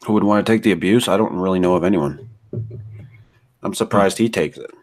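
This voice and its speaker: A man's voice: low-pitched, brisk. A man co-hosting a podcast from home over an online call, profane and teasing, with a mock-dramatic streak. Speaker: podcast co-host. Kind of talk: casual chat.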